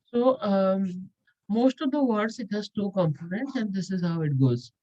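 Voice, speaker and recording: A woman's voice: mid-range voice, measured pace, mellow, muffled recording. A woman teaching a language lesson, explaining step by step and repeating key points. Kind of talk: explanatory lecture.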